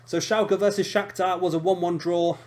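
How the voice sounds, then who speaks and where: A man's voice: sits high, fairly even intonation, moderate pace, darkish tone. A young man giving casual, self-deprecating commentary while playing a football video game. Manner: chatty, self-deprecating, reacting aloud to play. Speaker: gaming commentator. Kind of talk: casual let's-play commentary.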